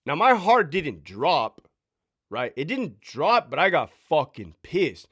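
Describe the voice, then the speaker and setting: Man in his 30s, former prison sergeant; blunt, profane storyteller, slightly high voice that swings widely in pitch. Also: sing-song, takes it slowly, fairly bright tone, slightly rough. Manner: blunt, profane, emphatic, asks rhetorical questions. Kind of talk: casual storytime monologue.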